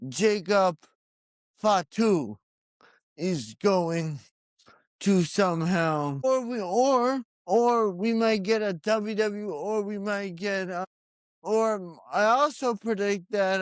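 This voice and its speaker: Slow, hesitant male podcast co-host. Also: sits high, clear, resonant tone, no echo, studio quality. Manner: hesitant, many fillers and restarts. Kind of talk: casual chat about wrestling predictions.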